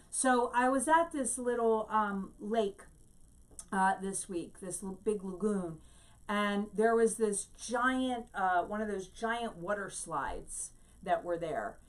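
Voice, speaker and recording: Woman teaching scripture from a distance. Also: medium pitch. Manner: explains Hebrew words slowly, tells a story. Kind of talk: Bible teaching.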